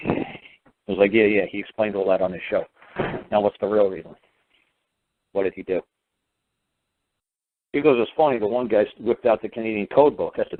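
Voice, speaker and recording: A man hosting a radio show, ranting bluntly about a run-in with officials and acting out both sides of the argument. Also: on the low side. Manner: blunt, fast-talking, mimics officials in quoted exchanges; swears casually and scoffs. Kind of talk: ranting monologue with acted-out dialogue. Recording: dry phone-line radio audio.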